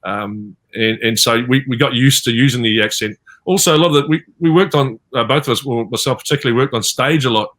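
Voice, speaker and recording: A man's voice: mid-range voice, quick pace, few pauses, a bit bright. A man with a New Zealand accent, a voice actor telling rambling stories with many fillers in a panel interview over a video call. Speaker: voice actor guest.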